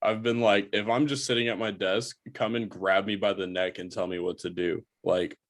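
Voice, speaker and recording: A man's voice: lowish voice, level tone, normal speed. A man co-hosting a podcast in casual chat, chiming in with jokes. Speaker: podcast co-host.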